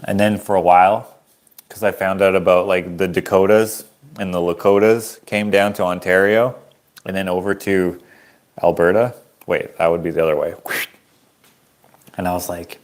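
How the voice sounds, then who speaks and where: A rambling, easygoing man from Canada talks to his viewers in a relaxed livestream chat. His voice sits on the low side, and he chuckles at himself as he goes. He is an artist selling his prints. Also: normal speed.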